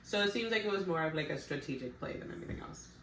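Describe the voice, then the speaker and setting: A TV recap vlogger with a low, animated voice talks fast through a reality show recap, loose and slangy with blunt little asides. She's recorded from a distance, set back from the mic in a roomy, echoing space, with a faint hum underneath.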